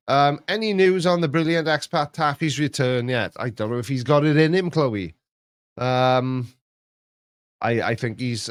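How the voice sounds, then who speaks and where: A man hosting a casual chat, reading viewer comments in a rambling, mocking, animated way. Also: mid-range voice, clean tone, dry recording, studio quality. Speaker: host reacting to viewer comments.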